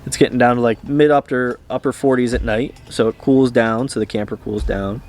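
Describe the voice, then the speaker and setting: A man vlogging in a relaxed, rambling way, with frequent hesitations and fillers. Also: medium pitch, a little fast. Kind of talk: casual chat to camera.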